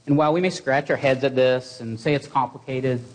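A man preaching a sermon to his congregation in an earnest, exhorting way, with measured pauses. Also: mid-range voice, fairly even intonation.

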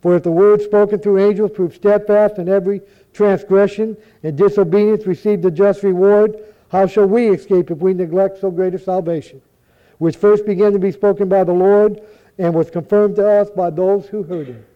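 A man with a high voice recites scripture at a measured, solemn pace. He sometimes stumbles over a word and goes on. The recording sounds dull and lo-fi. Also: steady tone.

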